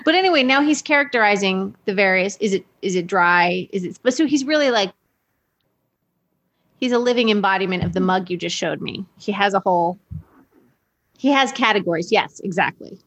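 A woman guest on a chat show, telling family stories in a lively way and laughing often, a little tipsy. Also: mid-range voice, a little fast. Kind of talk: casual chat, storytelling.

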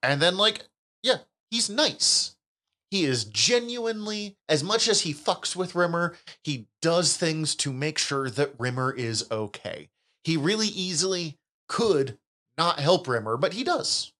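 Male podcast co-host, lively swooping delivery, quick to laugh, swears casually. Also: fairly high pitch.

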